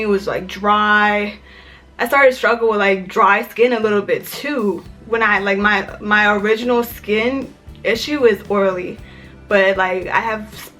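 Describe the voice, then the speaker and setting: A young woman from Maryland telling a personal story in a casual vlog, chatty and full of "like". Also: medium pitch. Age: young adult. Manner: chatty, filler-heavy with frequent "like". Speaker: vlogger. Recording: faint music under the voice. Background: soft background music.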